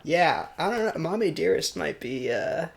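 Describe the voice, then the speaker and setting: Slightly high-voiced playful male co-host. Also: expressive, normal speed, creaky, slight background noise. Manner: playful, laughs between jokey picks. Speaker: podcast co-host. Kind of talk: casual podcast chat, movie game.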